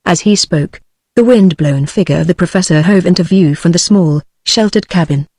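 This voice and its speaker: A woman's voice: on the low side, normal speed, no echo. Dry synthetic British woman narrating. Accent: British English. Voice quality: even synthetic delivery, same voice for all characters. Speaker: audiobook narrator. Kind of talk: text-to-speech book reading.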